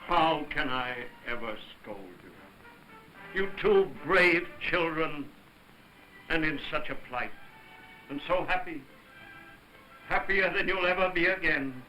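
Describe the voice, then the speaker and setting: An actor playing a wry, teasing older gentleman who chides the young people with a fond air in a 1930s film. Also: a little high, lively intonation, slow pace, pauses often, exaggerated voice, rough recording. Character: older man, wry fatherly uncle figure. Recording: 1930s film soundtrack with music.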